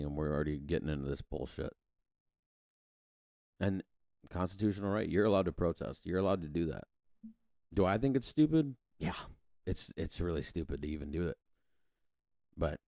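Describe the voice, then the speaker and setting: A man's voice: rumbling low, warm tone, no room sound, studio quality. A man hosting a podcast, rambling through a casual political monologue with frequent restarts and casual swearing. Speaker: podcast host.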